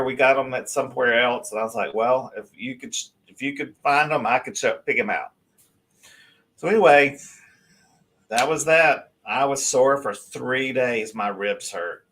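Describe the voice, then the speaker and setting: Man, rambling, animated, guest storyteller on a live show. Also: medium pitch.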